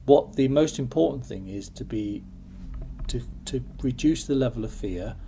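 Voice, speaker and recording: A man hosting a relaxed podcast chat, with a gravelly, mellow voice. He talks in an encouraging, chatty way, with faint noise behind him. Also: medium pitch, moderate pace. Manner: encouraging, chatty, laughs often. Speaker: podcast host. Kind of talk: casual chat.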